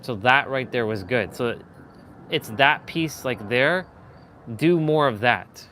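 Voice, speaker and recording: Slight background noise sits under this live stream host as he slowly gives a viewer casual pointers on speaking. His mid-range voice comes across pushed and bright. He rambles with lots of fillers and false starts, raising and lowering his voice to show what he means.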